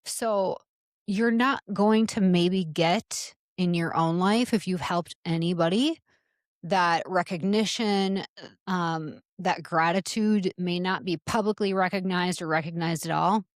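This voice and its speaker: A woman's voice: fairly low pitch, measured pace, no room sound, studio quality. A middle-aged woman hosting a podcast, giving an earnest, encouraging motivational talk to salon and spa leaders. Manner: earnest and encouraging, addresses listeners as "you guys". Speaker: podcast host and salon business coach.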